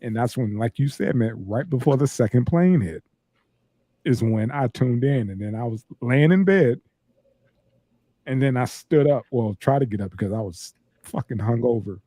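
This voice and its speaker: Husky man swearing through a story. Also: medium pitch, animated, normal speed, dark tone, no echo. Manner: blunt, swears a lot, laughs easily. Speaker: podcast co-host. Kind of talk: casual chat. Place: podcast studio.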